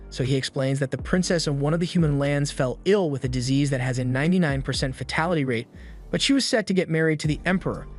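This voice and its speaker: A man giving a scripted, matter-of-fact narration of an anime plot. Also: fairly high pitch. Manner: steady, matter-of-fact storytelling. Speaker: recap narrator.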